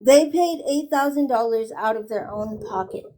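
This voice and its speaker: A woman defends herself on a group voice call. She insists and says the same thing over and over. Her voice is high. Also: normal speed, mellow. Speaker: streamer being called out.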